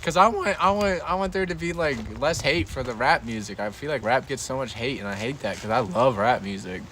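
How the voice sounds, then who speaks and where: A man's voice: mid-range voice, expressive, brisk, fairly bright tone, slight background noise, poor audio. A young man hosting a casual chat stream, telling a story with frequent laughter and lots of dude and bro. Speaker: livestream host.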